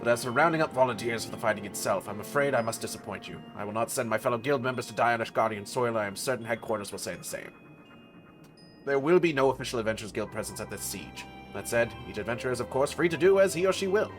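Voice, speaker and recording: A man voicing a steady adventurers' guild official, reading game dialogue in a measured, formal, courteous manner. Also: medium pitch, soft background music, natural voice.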